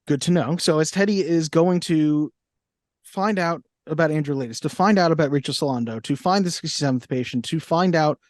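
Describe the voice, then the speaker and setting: A man's voice: a little high, a little fast, no room sound, clean studio sound. A man co-hosting a casual movie podcast, recapping a plot with fillers and frequent laughs. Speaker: podcast co-host.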